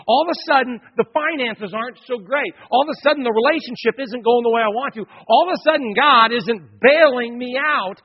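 A man's voice: very high-pitched, muffled recording. A man preaching a sermon, telling personal stories with joking asides to the congregation. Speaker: pastor.

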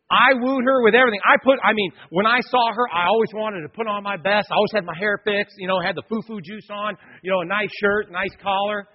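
A man's voice: high voice, quick pace, few pauses, dull audio. A man preaching a sermon, telling personal stories with joking asides to the congregation. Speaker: pastor.

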